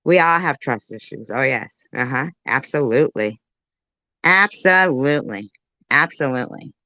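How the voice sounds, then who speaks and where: A woman rambles through casual commentary for her viewers, cursing freely. Her voice is bright and sharp-edged. The recording sounds dull and dry, with no room echo. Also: very deep voice, normal speed. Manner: rambling, profane, talks to viewers and pets. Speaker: commentary YouTuber.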